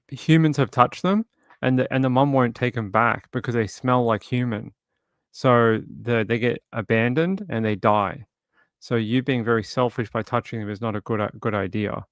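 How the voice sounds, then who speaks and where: A man's voice: medium pitch, moderate pace, clean tone, no room sound, clean studio sound. A man hosting a true crime livestream, chatting loosely and reading out viewer comments. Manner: rambling, repeats words, relaxed asides. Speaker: livestream host.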